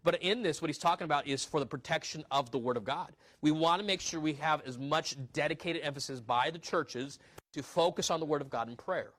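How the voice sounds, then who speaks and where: A man's voice: fairly high pitch, fairly quick, fairly bright tone. A man, a pastor, preaching a sermon in a conversational teaching manner, reading scripture aloud and asking rhetorical questions.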